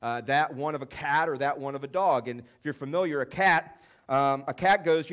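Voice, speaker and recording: A man's voice: on the high side, moderate pace, fairly bright tone. A man preaching a sermon in a conversational way, often saying "you know" and leaning hard on key phrases. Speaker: pastor.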